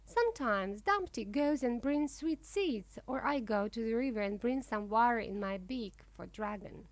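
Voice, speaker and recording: A woman reading a children's storybook aloud in simple, clear first-person storytelling. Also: on the high side, animated, normal speed, dry recording. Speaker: storybook reader.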